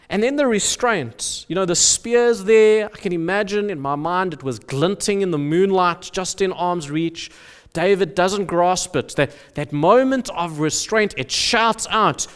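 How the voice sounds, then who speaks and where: A man's voice: sits high, a little slow, a bit bright, clean tone. A man preaching a sermon as pastor, earnest, with emphatic rises and drops. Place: church sanctuary. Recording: long reverb of a church hall.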